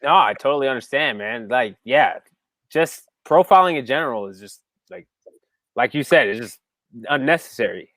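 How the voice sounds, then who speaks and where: A man of middle pitch hosts a relaxed interview, recorded dry and close. He mostly chimes in with short, agreeing reactions. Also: moderate pace, no echo. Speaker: host. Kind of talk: casual interview chat.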